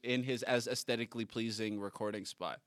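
A man's voice: mid-range voice, fairly even intonation, brisk, a bit bright. A young Canadian man hosting a casual podcast, joking, laughing often and swearing freely. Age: young adult. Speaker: podcast host. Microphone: studio mic.

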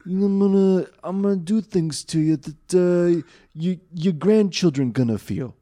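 A man voicing a cold, haughty rich young man who threatens like a mob boss, in a low, grave delivery. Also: measured pace, warm tone.

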